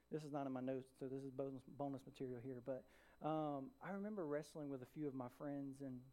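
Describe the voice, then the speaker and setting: A man's voice: fairly high pitch, warm tone. A man from Georgia preaching a sermon, telling a personal story in a casual, conversational way and checking in with his listeners. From Atlanta, Georgia, US. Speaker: pastor.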